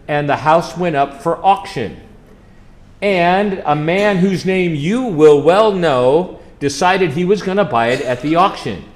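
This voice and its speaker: Chatty, folksy man giving a slideshow talk. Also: fairly high pitch. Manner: folksy, chatty storytelling with fillers and asides to the audience. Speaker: chaplain presenting a trip.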